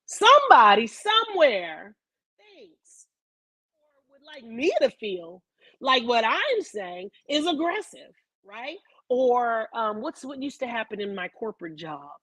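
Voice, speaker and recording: A woman's voice: fairly high pitch, sing-song, slow pace, fairly bright tone, no echo. A woman vlogger talking in a casual commentary style, emphatic and dramatic, with heavy swearing.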